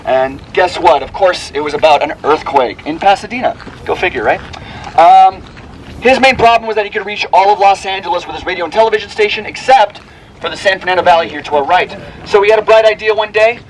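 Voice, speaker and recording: A man with a fairly high voice guides a hike, chatty and upbeat, trading corny jokes with the group. He talks outdoors on a mountain trail. Clear wind and outdoor noise sit behind him. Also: fairly quick, poor audio. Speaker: hiking tour guide. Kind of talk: joking tour narration.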